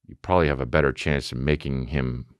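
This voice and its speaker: A man in his thirties hosting a podcast, telling a profane, animated story and acting out both sides of a conversation. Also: a bass voice, a little fast, clean tone, no echo, clean studio sound. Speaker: podcast host. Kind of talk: casual comedic storytelling.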